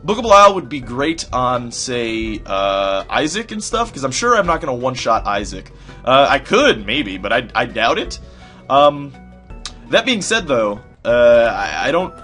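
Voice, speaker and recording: A young man chats his way through a game, rambling and cracking jokes. His voice is bright and swings widely in pitch. Faint game music plays underneath. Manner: rambling, jokey, many fillers and restarts. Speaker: gameplay commentator. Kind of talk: casual gameplay commentary.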